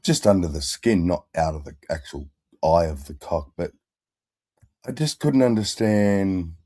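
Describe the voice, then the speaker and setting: A man's voice: deep voice, dark tone, dry recording, studio quality. A man hosting a casual chat in a crude, rambling, laid-back manner. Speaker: stream host.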